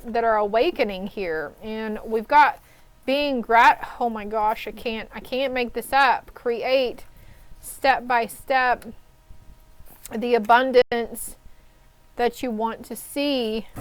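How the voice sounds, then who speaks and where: A woman with a slightly high voice talks her way through a tarot reading in an easygoing, rambling way. She gushes and keeps reassuring her listeners, checking in with them as she goes. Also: low-quality recording. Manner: chatty, rambling and gushing, reassuring listeners with frequent "okay?". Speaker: tarot card reader. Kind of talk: casual spoken tarot reading.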